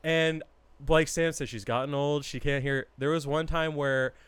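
Young guy, lively storyteller, curses a lot, clear dry voice, a bit high. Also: moderate pace, no echo. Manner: animated storyteller, swears a lot, acts out a dog's thoughts. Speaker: roommate telling stories. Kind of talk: casual chat.

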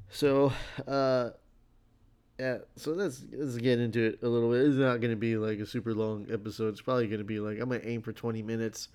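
A man's voice: lowish voice, a little mellow, smooth. A tired man hosting his own podcast, talking casually in a rambling solo monologue full of fillers and restarts. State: tired, yawning. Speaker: podcast host.

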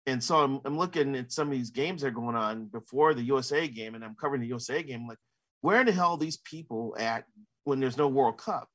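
A man's voice: medium pitch, a bit bright. Rambling sportswriter man in his fifties. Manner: rambling, frequent "you know" fillers. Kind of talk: casual interview.

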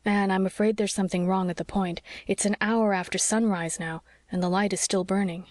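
A woman voicing a young husband and doctor who speaks quickly and earnestly in an audiobook. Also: medium pitch, fairly even intonation, darkish tone, no echo, studio quality, natural voice. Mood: worried. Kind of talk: audiobook character reading.

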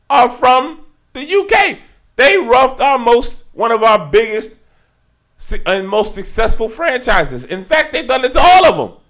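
Animated, gravelly-voiced man ranting. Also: high-pitched. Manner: slangy, animated ranting with frequent asides. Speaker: podcast host. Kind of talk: solo sports podcast monologue.

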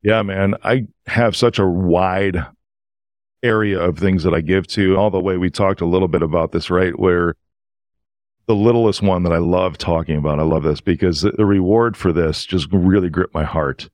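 Guy with a lowish voice, podcast guest, animated and emotional, dry close sound. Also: normal speed, no room sound. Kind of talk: casual storytelling.

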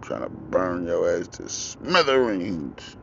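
Telling a story on his podcast, a young man speaks in animated street slang with a lot of swearing, recorded outdoors as four-wheelers pass. His deep voice is gravelly and unhurried. The lo-fi audio is dull, with faint outdoor vehicle noise.

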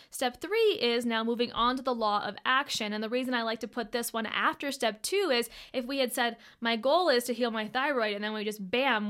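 Young woman host, fairly high voice, upbeat, friendly coaching tone for an online training. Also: a bit bright. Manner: upbeat, friendly, speaks straight to listeners.

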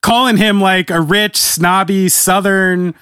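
A man's voice: sits high, steady tone, slow pace, sharp tone, smooth, dry recording, clean studio sound. A man from New York with a New York accent, a podcast host chatting casually in a laid-back way, laughing often and swearing casually. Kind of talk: casual chat.

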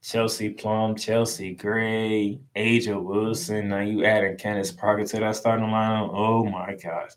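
A man hosting his own sports podcast, recapping games in a solo monologue with an emphatic, excitable, casual slangy delivery and free swearing. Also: fairly low pitch, unhurried, few pauses, poor audio.

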